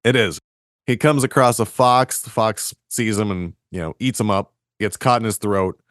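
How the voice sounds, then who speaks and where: A man, speaking a little low in a dry, close-miked sound. He retells a fairy tale casually, chuckling between jokes. His delivery is loose and playful. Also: normal speed, fairly bright tone, no echo. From Boston area. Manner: laughs often, loose and joking. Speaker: podcast co-host. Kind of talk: casual chat and story retelling.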